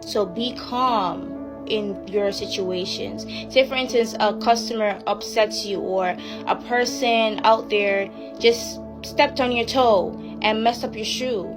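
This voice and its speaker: A woman's voice: on the high side, fairly even intonation, slow pace. A young woman giving casual Christian advice to her viewers in an earnest, preachy way, with loose fillers. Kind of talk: casual faith talk to camera. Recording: music playing behind the voice.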